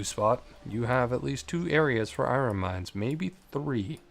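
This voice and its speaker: A man casually commenting while he plays a game, muttering to himself and swearing freely when something excites him. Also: medium pitch, a little slow, creaky. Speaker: gameplay streamer. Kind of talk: casual let's play commentary. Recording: faint music behind.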